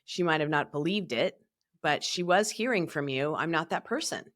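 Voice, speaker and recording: A woman host with a fairly low voice speaks in a relaxed, conversational way. She reflects on what her guest has said and affirms it. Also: normal speed. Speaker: podcast host and childbirth educator. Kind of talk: conversational interview.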